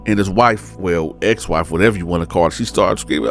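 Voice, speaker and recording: A man's voice: low-pitched, brisk, fairly bright tone, faint music behind. A man casually telling a true-crime story in colloquial slang, often checking in with "right?".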